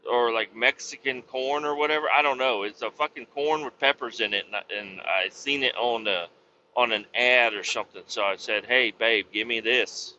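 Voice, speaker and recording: A man with kids, hosting a podcast, telling a story in a casual, profane monologue that breaks into loud exclamations. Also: medium pitch, dull audio, a little hiss or hum. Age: adult with kids. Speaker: podcast host.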